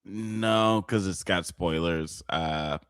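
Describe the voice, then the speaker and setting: Deep-voiced, laid-back male co-host. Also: slow pace, a bit bright, smooth, no echo, clean studio sound. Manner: laid-back, hesitant, many fillers. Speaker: podcast co-host. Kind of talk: casual live-stream chat.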